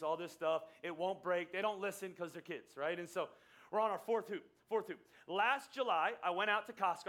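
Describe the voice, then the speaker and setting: A man's voice: high voice, a bit bright. A middle-aged man preaching a sermon, telling a family story in a conversational way and acting out the quoted lines. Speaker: pastor.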